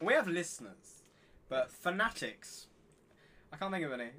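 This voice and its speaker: A man's voice: fairly high pitch, big pitch swings, rapid-fire, a crowd in the background. A young man co-hosting a podcast in casual chat, rambling and self-deprecating, often laughing. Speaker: podcast co-host.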